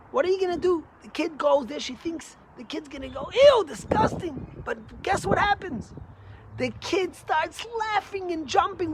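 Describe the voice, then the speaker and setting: A man, a rabbi, giving a short Torah lesson through stories, animated and emphatic with big swings in pitch and loudness. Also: slight background noise. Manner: energetic, emphatic.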